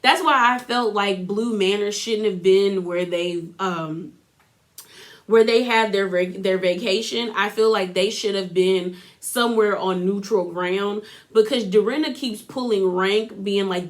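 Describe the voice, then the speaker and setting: A woman's voice: medium pitch, measured pace. Chatty woman recapping a reality show. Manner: chatty, full of "like" and opinions, acts out quotes. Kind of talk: casual episode recap.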